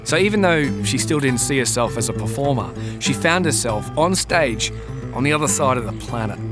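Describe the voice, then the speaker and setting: A man narrating a documentary in a measured, scripted way. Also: mid-range voice, animated, music in the background.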